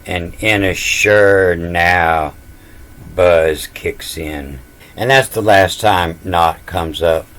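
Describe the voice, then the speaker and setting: Slow deep-voiced man explaining letters. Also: fairly bright tone. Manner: spells out letters one by one, confident and dismissive. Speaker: self-taught scripture reader. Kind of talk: casual explanatory lecture.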